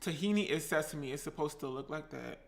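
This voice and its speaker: A man's voice: a little high, a little fast, creaky. A man with casually chatting while cooking on a vlog, playful and chatty, now and then breaking into song. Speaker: cooking vlogger.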